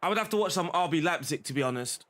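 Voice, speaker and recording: A man's voice: fairly high pitch, lively intonation, very fast, fairly bright tone, no echo. A young man, chatting casually while playing a football management game, laughing often and calling the viewer "bro". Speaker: gaming streamer.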